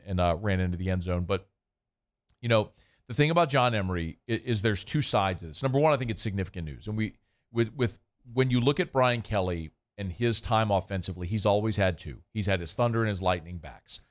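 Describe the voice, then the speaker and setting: A man hosting a sports radio show, chatting loosely about sports and doing a live ad read. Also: lowish voice. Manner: chatty, loose, quick asides.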